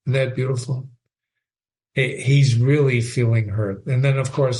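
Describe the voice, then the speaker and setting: A man's voice: medium pitch, animated, a little slow, a little mellow. A man giving an informal literature lecture as a teacher, emphatic and chatty, repeating phrases for stress.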